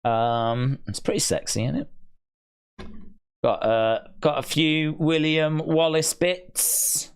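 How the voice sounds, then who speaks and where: A man's voice: a little high, fairly even intonation, slow pace, smooth. A man hosting a live stream, chatting casually with viewers, musing aloud with dry, rambling asides.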